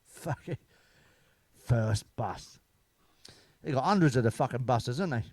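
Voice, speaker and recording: A man's voice: mid-range voice, expressive, slow, pauses often, a little mellow, no echo. A middle-aged man telling crude, bawdy comic stories as a comedian. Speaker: stand-up comedian. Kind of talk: comic storytelling.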